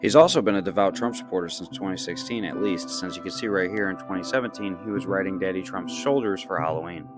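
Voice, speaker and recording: A man's voice: deep voice, fast talker, few pauses. A man giving taunting, profane reaction commentary over background music.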